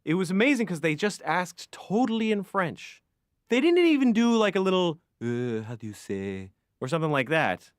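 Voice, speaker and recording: A man's voice: sits high, big pitch swings, normal speed, no room sound, studio quality. A man voicing a comedian in a cartoon, ranting about petty annoyances in an exasperated stand-up style. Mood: indignant. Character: ranting grumpy adult male comedian. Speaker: comedian patient. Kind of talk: animated stand-up monologue.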